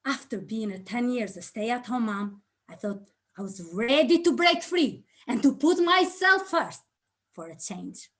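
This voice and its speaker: A woman in middle age gives a motivational speech in a slightly high voice. She takes her time and lets each phrase land. Her delivery is theatrical, sinking nearly to a whisper before surging loud. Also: lively intonation. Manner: slow, theatrical storytelling with big swings between hushed and loud. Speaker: speaking contest speaker.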